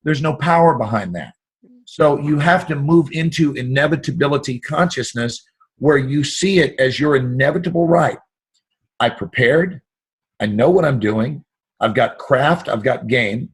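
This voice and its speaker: Husky man, expansive storyteller. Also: medium pitch, a little slow. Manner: expansive, animated, acts out quoted voices. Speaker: guest actor. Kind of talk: motivational storytelling.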